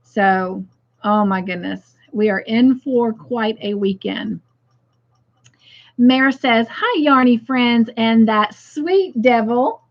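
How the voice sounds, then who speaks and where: A woman's voice: fairly high pitch, takes it slowly, dull audio. A woman hosting a casual craft livestream, chatting and greeting viewers by name as she reads their comments aloud.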